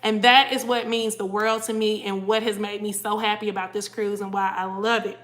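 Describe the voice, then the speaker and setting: A woman's voice: medium pitch, little pitch movement, normal speed, a bit bright. A tired woman chatting casually on a livestream, greeting viewers by name and reading their comments aloud. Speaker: cruise vlogger hosting a livestream.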